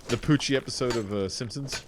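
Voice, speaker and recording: A man's voice: medium pitch, fairly quick, a little hiss or hum. A man streaming from home, chatting casually in a rambling way, often laughing and mimicking voices. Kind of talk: casual chat. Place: small room at home.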